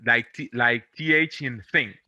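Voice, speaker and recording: A Spanish-speaking man from America, originally from Latin America, teaches an online English pronunciation lesson as a Spanish teacher. The medium-pitched voice is dry and the highs are cut off. He's patient and encouraging, drilling syllables slowly, repeating them, and correcting gently.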